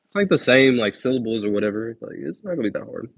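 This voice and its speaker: Counting out loud during a relaxed livestream, this young man talks fast in a medium-pitched voice with lively intonation and vocal fry. He's slangy and easygoing, chatting to viewers between numbers, and the dry, dull lo-fi audio has no echo.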